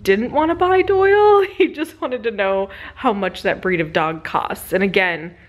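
A woman vlogger at home on a sofa, telling a funny story in a chatty, animated way and laughing often. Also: mid-range voice, moderate pace, dull audio. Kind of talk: casual storytelling vlog.

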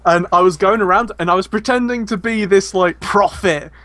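A man, a podcast guest, telling gaming stories in an animated way in casual chat, often laughing. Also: high-pitched, moderate pace, dry recording.

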